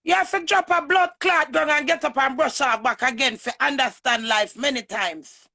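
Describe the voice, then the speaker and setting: A woman with a Jamaican accent giving a heated, emphatic livestream rant to her viewers, swinging from loud bursts to low mutters. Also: moderate pace, creaky. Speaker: online personality.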